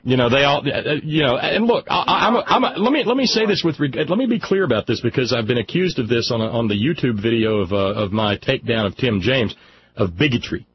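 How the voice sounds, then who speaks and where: A man's voice: medium pitch, animated, fast talker. Guy hosting talk radio, gets heated, stammers and restarts a lot, kinda dull radio sound w/ faint hiss. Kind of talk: casual political talk radio chat. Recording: slightly dull radio audio with faint noise.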